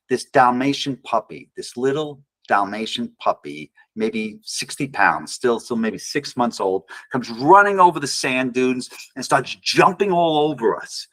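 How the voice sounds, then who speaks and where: A man's voice: medium pitch, lively intonation, measured pace, a bit bright. A man, an author and guest speaker, telling a personal story with wry humor, often restarting and acting out quoted voices. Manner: rambling, self-correcting, acts out quoted voices.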